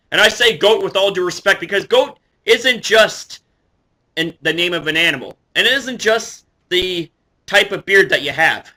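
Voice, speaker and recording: A young man talking excitedly to camera as a wrestling fan, swearing freely and shouting in his most excited moments. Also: high-pitched. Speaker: wrestling vlogger.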